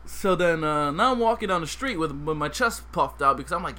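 A young adult man hosting a podcast, telling a comic story in a lively, casual way and acting out the other characters. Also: on the high side, brisk. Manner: animated, acts out voices. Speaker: podcast host.

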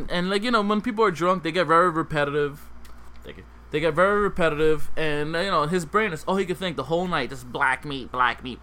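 Animated man telling a bawdy story. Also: on the high side. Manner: animated, acts out voices. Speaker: podcast host. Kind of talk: casual comic storytelling.

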